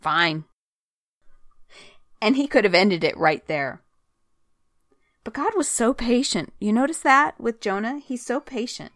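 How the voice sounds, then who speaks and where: A woman's voice: on the high side, expressive, normal speed, dry recording, clean studio sound. Woman, Bible teacher, conversational, earnest, reads scripture aloud. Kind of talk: conversational Bible study talk.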